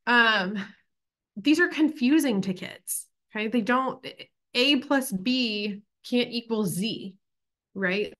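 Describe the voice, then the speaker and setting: Bright-voiced woman teaching a parenting class. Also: fairly high pitch, slow. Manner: chatty, many "like" and "right?" tags; acts out children's thoughts in small voices. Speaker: parent educator. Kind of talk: casual online parenting class.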